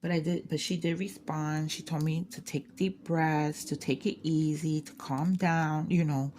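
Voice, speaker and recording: A woman with a notably low, deep-set voice talks in a loose, unscripted chat. She vents candidly about her day, rambling along and often restarting her sentences. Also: fairly even intonation, measured pace, mellow, slight background noise. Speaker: craft channel host. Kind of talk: casual chat.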